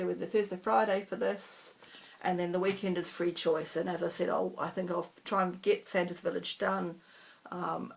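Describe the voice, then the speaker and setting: Chatty woman with a gravelly voice. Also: fairly low pitch, a little hiss or hum. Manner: chatty, rambling, self-deprecating. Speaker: cross-stitch vlogger. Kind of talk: casual chat.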